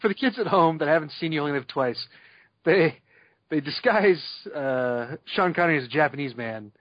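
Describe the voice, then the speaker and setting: Podcast co-host, male, slightly high voice, animated and joking, dry muffled recording. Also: moderate pace, no room sound. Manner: joking, animated storyteller, laughs often. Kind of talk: casual chat.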